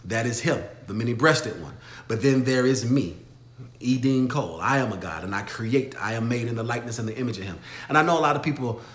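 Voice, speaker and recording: A man hosting a motivational livestream Q&A, talking emphatically, swinging from loud exhortation to low storytelling. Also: fairly quick, roomy sound. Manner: emphatic, preachy, shifts from shouting to low storytelling. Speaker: livestream host answering viewer questions.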